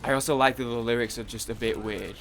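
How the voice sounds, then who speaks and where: A man's voice: mid-range voice, steady tone, fast talker, fairly bright tone, a little hiss or hum. A young man with a Mancunian accent chatting casually while gaming, rambling, stammering, repeating words and swearing freely. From Manchester, England. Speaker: gaming streamer.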